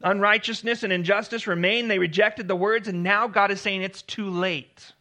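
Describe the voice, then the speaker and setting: A man's voice: high-pitched, steady tone, moderate pace, pushed and bright. A man preaching a sermon, earnest and emphatic, repeating key phrases for weight. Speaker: pastor.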